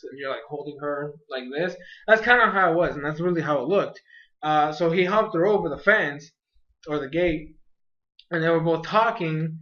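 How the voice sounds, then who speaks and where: Young guy with a high voice rambling about an anime, lots of um and like, kinda dull lo-fi audio. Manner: rambling, excitable, lots of fillers. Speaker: anime reviewer. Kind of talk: casual video review.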